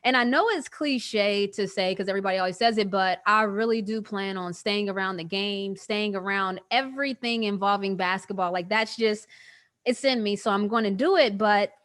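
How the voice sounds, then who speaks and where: A woman in her thirties hosting a podcast, talking casually and emotionally. She pauses often, voice halting as she holds back tears. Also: mid-range voice, a bit bright. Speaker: podcast host. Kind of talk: personal announcement, casual talk.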